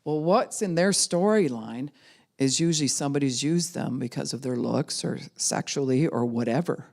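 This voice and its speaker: A woman pastor teaching a class in a conversational way, acting out other people's words in quick voices. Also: very deep voice, animated, vocal fry, a little mellow. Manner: conversational, with frequent "you know" and "right?".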